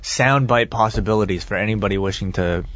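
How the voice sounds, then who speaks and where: A man with a fairly low voice chats casually on a podcast, talking haltingly and padding his thoughts with fillers. The recording is slightly dull and lo-fi. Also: a bit bright, no echo. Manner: hesitant, halting with many fillers. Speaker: podcast co-host. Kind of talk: casual chat.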